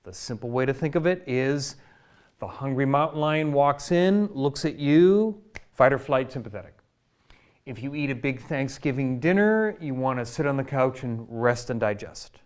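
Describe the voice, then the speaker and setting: A man's voice: mid-range voice, expressive, moderate pace, smooth. A man who works as a chiropractor, explaining a health topic to camera from his office in a conversational way, checking in with "right?" and "okay?". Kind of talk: educational health talk to camera.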